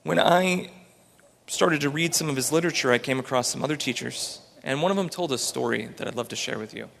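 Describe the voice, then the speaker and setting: A man's voice: mid-range voice, brisk, creaky, a bit bright, long reverb tail, a little hiss or hum. Earnest man speaking on a big stage. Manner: earnest and storytelling. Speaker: entrepreneur giving a talk. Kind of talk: inspirational stage talk. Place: large auditorium stage.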